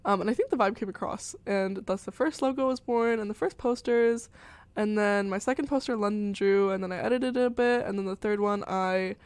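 A woman's voice: mid-range voice, a little mellow, clean tone, no room sound. Young female college radio host, mid-range voice, loose chatty rambling with lots of fillers, close dry studio sound. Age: young adult. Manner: rambling, filler-heavy, giggly. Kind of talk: casual chat.

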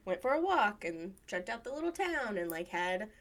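A woman in casual conversation, telling stories with lively quoted voices. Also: normal speed. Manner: animated storytelling, voices quotes higher. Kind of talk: casual chat.

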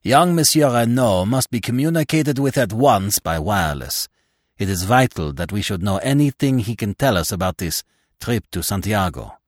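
An officious, excitable magistrate from a storybook mystery presses his point in a low voice that jumps lively through its range, as a male reader plays him. The recording is dry and close. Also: moderate pace, dry recording. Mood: urgent. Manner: urgent, formal.

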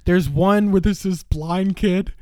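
Brief: high-voiced guy, profane and laughing, doing funny voices while retelling clips; dry close mic. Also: steady tone, slow, mellow, dry recording. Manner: laughing, profane, acts out quotes. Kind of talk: casual chat.

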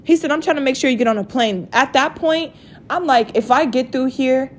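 A young woman telling a story to her viewers in a casual rant, profane and animated. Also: high voice, fairly quick. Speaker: vlogger.

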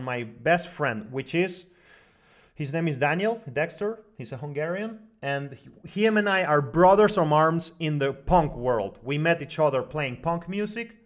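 A man telling a long personal story as a guest on an online broadcast, talking in animated bursts full of fillers and restarts. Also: fairly high pitch. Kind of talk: long rambling personal story in casual discussion.

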